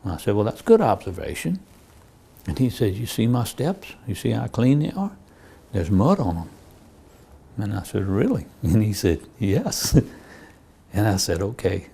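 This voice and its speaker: Lower-pitched male cop telling case stories for a crime interview, plainly told, voicing the exchanges. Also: very animated, normal speed, gravelly, long pauses, mellow, husky. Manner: plain storytelling, acts out quoted dialogue. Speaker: police officer. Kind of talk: true-crime interview recounting cases.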